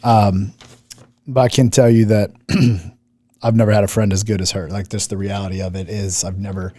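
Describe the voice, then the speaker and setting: A man's voice: fairly low pitch, flat delivery, normal speed, warm tone. A man co-hosting a casual chat, mocking commenters in a cocky way and swearing freely. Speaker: podcast co-host.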